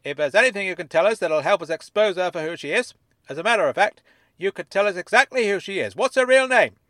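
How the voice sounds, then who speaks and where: A man voicing an eager, excitable man who talks high, loud and pressing. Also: fast, no echo, studio quality. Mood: insistent.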